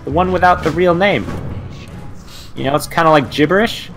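A man's voice: a little high, normal speed, fairly bright tone. A man co-hosting a casual game let's play, wry and teasing, over faint game music. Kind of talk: casual gameplay chat.

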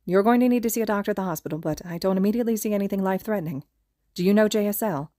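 A woman voicing an earnest young man working as a medic, calm and kind with patients, in a fan podfic. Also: mid-range voice, very fast, no echo, studio quality, close to an everyday voice. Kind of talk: podfic character reading.

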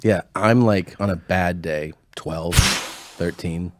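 A man's voice: low voice, slow, a little hiss or hum. A man chatting casually on a comedy podcast, telling crude anecdotes. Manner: crude, storytelling.

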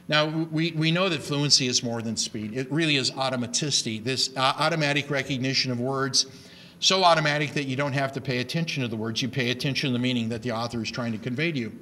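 Bright-voiced man lecturing with emphasis. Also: mid-range voice, quick pace. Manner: animated, emphatic, with many repeated starts. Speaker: reading education speaker. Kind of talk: lecture to an audience.

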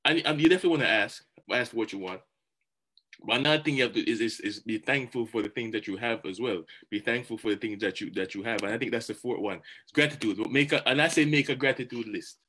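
A man giving a motivational talk, animated and chatty, often repeating words as he goes. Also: medium pitch, quick pace, breathy edge. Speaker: motivational speaker.

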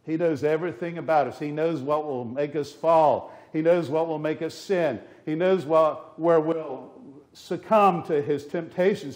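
An older pastor delivers a fervent sermon. His slightly high voice rises into loud proclamations, then drops to a low, earnest plea. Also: measured pace, few pauses. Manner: fervent preaching, swinging from loud declaring to low earnest pleading.

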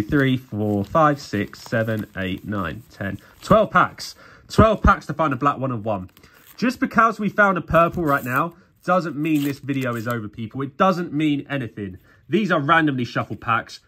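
A man from England talks through a vlog in a chatty, self-mocking way, sounding a little tired. He keeps calling out to his viewers as he goes, at an ordinary pitch for a man. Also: a bit bright. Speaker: sticker collecting YouTuber. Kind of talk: casual vlog commentary.

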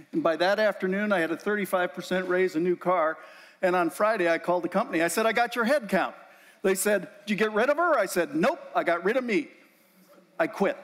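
A man giving an inspirational faith talk to a group, telling personal stories in a conversational, emotional way with asides to the audience. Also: sits high. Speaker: speaker. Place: event room. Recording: long hall reverb.

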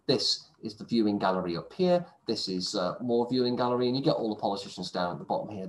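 Man lecturing with a lively voice in an echoey room. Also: fairly low pitch. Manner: brisk and discursive, with asides and self-corrections. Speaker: teacher. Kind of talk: recorded lecture to students.

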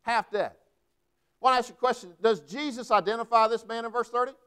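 A man's voice: very high-pitched, fairly quick, pushed and bright, smooth. A man, a pastor preaching a sermon with emphatic delivery and frequent rhetorical questions. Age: 40s.

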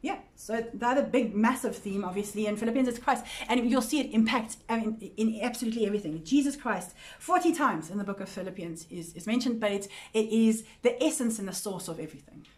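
Speaking on the high side, fairly quickly and with few pauses, a woman teaches Bible study at a church women's group meeting. She comes across as earnest and conversational, repeating words often and making sure her listeners are with her.

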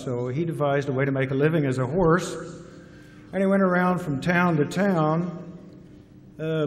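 A man's voice: on the high side, darkish tone. A man with a Southern US accent telling a folksy, humorous story at a graduation ceremony. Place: large hall at a graduation ceremony. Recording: reverberant hall, faint hiss.

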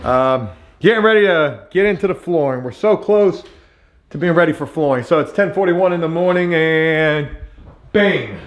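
A man's voice: on the high side, normal speed, roomy sound. Chatty, cussing renovation vlogger guy. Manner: chatty, profane, self-mocking. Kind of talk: casual vlog narration while working.

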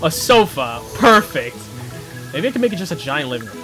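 A man talks through his gameplay in a fairly high voice that swings up and down a lot. He is excitable and flustered, mocks himself, and chats to his viewers like mates. Game music plays steadily behind him. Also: a little fast. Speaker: gaming channel host. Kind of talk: casual gameplay commentary.

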